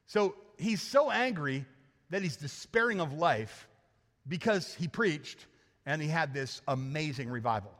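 A male pastor delivers a sermon with an animated, joking style. He acts out the characters in the story and teases the congregation as he goes. His voice sits a bit high, and the sanctuary's long reverb trails after his words. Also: a little slow. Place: church sanctuary. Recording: hall reverb.

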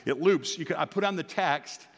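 An older male pastor delivers a sermon in an earnest, exhorting way. His voice sits somewhat high for a man and climbs on the points he stresses. A long reverb trails each phrase. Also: normal speed. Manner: earnest, exhorting, rises in pitch on key points.

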